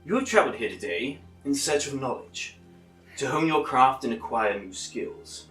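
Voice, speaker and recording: A man voicing a stern, aloof male headmaster giving a slow, measured speech in a tabletop game. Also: medium pitch, expressive, a bit bright, echoey room, soft background music, lightly acted, rough recording.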